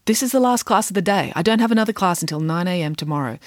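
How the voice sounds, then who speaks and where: A woman voicing a serious, clever schoolgirl detective who speaks calmly and matter-of-factly, read in a storybook. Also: fairly low pitch, rapid-fire, no room sound, studio quality, close to an everyday voice. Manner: calm and matter-of-fact.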